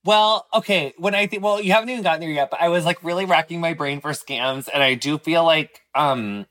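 A man chatting casually on a podcast in an animated, camp, playful way. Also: a little high, a little fast. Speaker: podcast guest and host.

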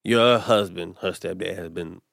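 A man's voice: deep voice, normal speed, creaky, fairly bright tone, no room sound, studio quality. A comedian telling a personal story in casual conversation, acting out the people he quotes. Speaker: comedian guest.

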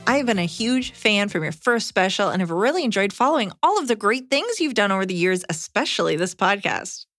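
A woman's voice: medium pitch, sing-song, a little fast, a bit bright, no room sound, faint music behind. A woman co-hosting a podcast in casual comedic chat, laughing often and adding playful asides. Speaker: podcast co-host.

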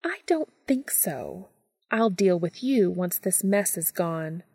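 A woman's voice: on the low side, unhurried, a little mellow, no room sound, studio quality, in a large hall. A woman voicing a curt, haughty female fairy who poses as a prickly old neighbor, in a storybook reading. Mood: taunting.

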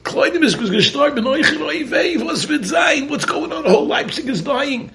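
A man voicing a stingy, excitable old host who exclaims in shrill panic. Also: moderate pace, creaky, a little hiss or hum, exaggerated voice. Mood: alarmed.

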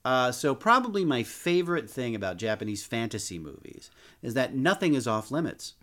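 Dude cohosting a movie podcast, dry jokey humor, middle pitch. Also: male voice, very animated, normal speed, a bit bright. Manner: wry, playful humor. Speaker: podcast co-host. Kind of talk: casual film review chat.

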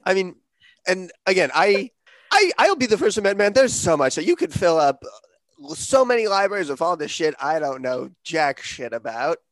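A man's voice: sits high, sing-song, moderate pace, no echo. A man in a casual panel discussion who talks loosely and swears freely. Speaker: podcast panelist.

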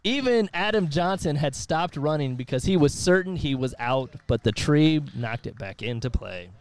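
A man's voice: a little high, lively intonation, normal speed, clear, resonant tone. A man giving casual color commentary, teasing his partner. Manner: teasing, banter.

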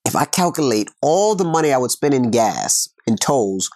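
A man's voice: medium pitch, big pitch swings, normal speed, a little mellow. A man co-hosting a casual couple's podcast, telling stories in a laid-back, joking way. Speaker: podcast co-host.

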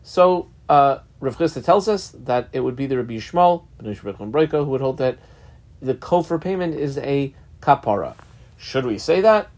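A man's voice: mid-range voice, expressive, moderate pace, darkish tone. Casual man teaching Talmud. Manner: reads the text aloud, then explains it in a casual, conversational way. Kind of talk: daf yomi Talmud lesson.

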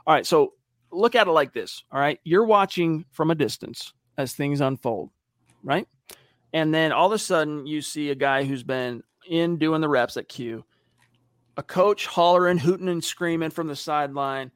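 A man's voice: a little high, moderate pace, no room sound, clean studio sound. A man co-hosting a casual sports podcast, reading out viewer comments and telling stories with acted-out quotes. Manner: animated storyteller, acts out quotes. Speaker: podcast co-host reading live chat.

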